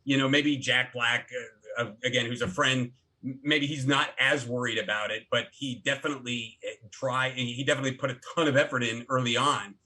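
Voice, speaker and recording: Animated, bright-voiced man telling stories. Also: mid-range voice, brisk. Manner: animated storyteller with many restarts. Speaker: guest, actor and filmmaker. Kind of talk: casual interview talk.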